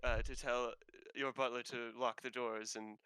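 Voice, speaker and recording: Man as a bright, smooth-voiced pompous detective, stumbling flattery. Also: medium pitch, dry recording, close to an everyday voice, poor audio. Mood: pompous flattering. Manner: hesitant, flattering, halting. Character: pompous self-proclaimed famous male detective.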